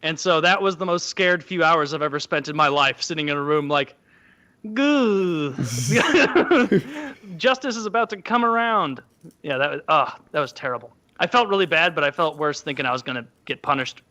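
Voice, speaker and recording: A podcast co-host, a man with a bright, high voice, tells stories casually at a moderate pace. He's animated and acts out quotes in a high voice.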